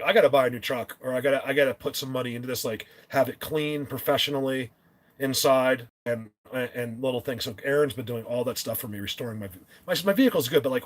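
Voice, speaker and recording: Hosting a live stream, a man with a mid-range voice chats casually and rambles, frequently clearing his throat and starting sentences over.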